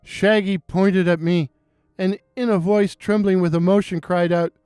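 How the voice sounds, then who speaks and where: Slow, smooth-voiced man telling horror. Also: high-pitched, steady tone, a little mellow, no room sound, clean studio sound. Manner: measured, suspenseful. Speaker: storyteller. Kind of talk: scripted horror narration.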